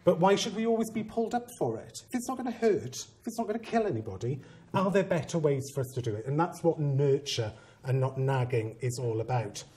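A man who is a head teacher, giving a conference talk and telling a story with humor and animated, self-mocking asides. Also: on the high side, a little fast.

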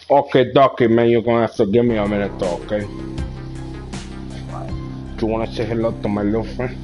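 A man chatting casually and joking with lots of swearing while streaming a game from home. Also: on the low side. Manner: laid-back, profane, joking. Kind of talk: casual live-stream chat. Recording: noisy home stream audio.

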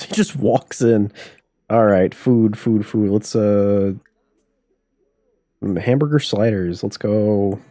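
A man's voice: lowish voice, slow, pauses often, mellow, no room sound, studio quality. A man streaming a life-sim game live, joking and swearing his way through the commentary. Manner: playful, profane, laughs often.

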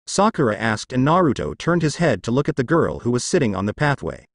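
Young guy reading fanfic, lively up and down voice, dry close mic. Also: mid-range voice, brisk, few pauses, dry recording. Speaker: narrator. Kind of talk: fan fiction reading.

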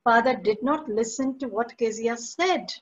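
A woman teacher with an Indian English accent goes through a story line by line for her students, slipping into Hindi to explain. Her voice sits a little high and comes through muffled, like lo-fi online class audio. She is patient and stops often to check that they follow. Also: measured pace.

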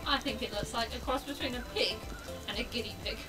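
A woman chatting on a travel vlog at a wildlife park, reacting quickly to the animals. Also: on the high side, sharp tone, faint music behind. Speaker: travel vlogger. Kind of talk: casual vlog chat.

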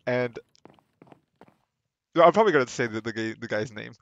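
A man with a gravelly, creaky voice chats casually while live streaming a game. He rambles and stumbles, repeating words as he goes. His voice sits in a middling pitch, close and dry on the mic. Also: animated, moderate pace, a bit bright, dry recording, dull audio. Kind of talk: casual live gameplay chat.

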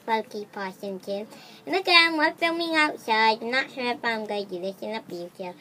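A woman's voice: on the high side, moderate pace, sharp tone, a little hiss or hum. A woman voicing a bubbly, rambling toy-pet girl who hosts the show, recorded in a backyard. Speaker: host. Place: backyard outdoors.

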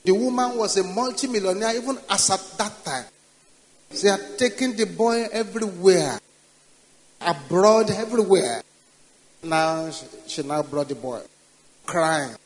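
A man's voice: sits high, lively intonation, a little slow, big-room sound, low-quality recording. An older man with a Nigerian accent, preaching a sermon and leading prayer with rising, commanding declarations. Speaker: pastor.

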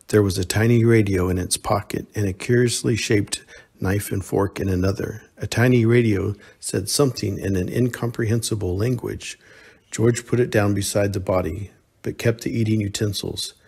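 Gravelly low-voiced male storyteller. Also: a little mellow. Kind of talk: scripted story narration.

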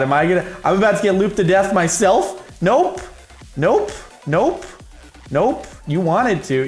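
A man giving casual, jokey commentary on his own gameplay, rambling and laughing as he plays. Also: a little high. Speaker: gaming video host.

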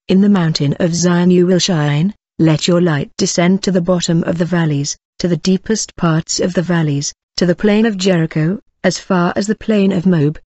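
A speaker solemnly reading a prophetic message aloud in a measured, declaiming way. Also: medium pitch, darkish tone, dry recording. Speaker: reader of a prophecy. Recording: dull, dry lo-fi recording.

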